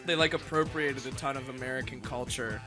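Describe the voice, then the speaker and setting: A man's voice: mid-range voice, fairly even intonation, brisk. A man co-hosting a casual music podcast, dropping dry one-line jokes. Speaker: podcast co-host.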